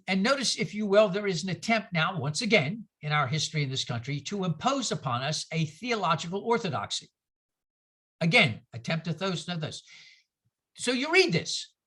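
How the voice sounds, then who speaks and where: A minister leads a conversational Bible study with a bright, edged voice at a middle pitch. The talk is animated and full of pointed rhetorical questions thrown out to the listeners. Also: slightly rough. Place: church gathering.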